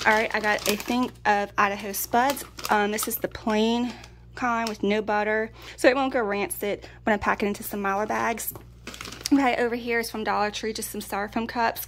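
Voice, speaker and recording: A woman's voice: on the high side, a bit bright, a little hiss or hum. A woman, chatting casually through a food haul. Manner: chatty, folksy, laughs often. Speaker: prepping vlogger. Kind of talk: casual pantry haul chat.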